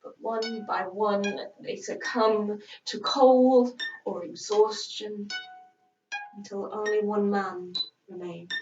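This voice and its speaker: A woman tells a story very slowly, leaning into dramatic pauses. Her slightly high voice sounds far from the microphone and dull, in a roomy space. A loud guitar plays throughout. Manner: slow and dramatic, with long pauses. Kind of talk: storytelling narration over guitar music.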